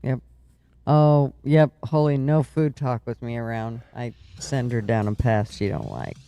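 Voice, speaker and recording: A man's voice: medium pitch, animated, a little slow, creaky, dark tone, no room sound, muffled recording, faint music behind. A man co-hosting a live stream in casual chat, laid-back and agreeable, rambling a little. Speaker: stream co-host.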